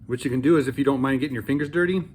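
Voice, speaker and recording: A man with a relaxed, folksy, enthusiastic manner, chatting casually through a workshop demo of a guitar he built. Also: medium pitch, very fast, slight background noise. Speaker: cigar box guitar builder. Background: guitar playing.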